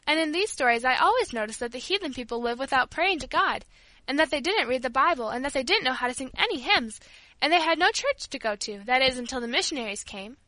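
A woman voicing an earnest, devout little girl who speaks sincerely and pleads gently. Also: high voice, animated, fast talker, no echo, rough recording.

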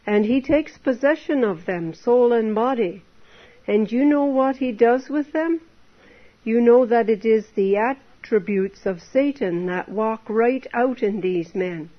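A woman delivers a sermon in a fairly high voice, earnest and exhorting as she piles up rhetorical questions. The recording is dull and lo-fi. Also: expressive, a little slow. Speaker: preacher. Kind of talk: temperance sermon.

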